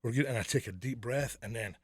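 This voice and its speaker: A man's voice: mid-range voice, fairly quick, no echo. Profane man with a mild Scottish accent. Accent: mild Scottish, Americanized. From Scotland. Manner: animated storyteller, profane. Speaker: podcast co-host. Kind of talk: casual chat.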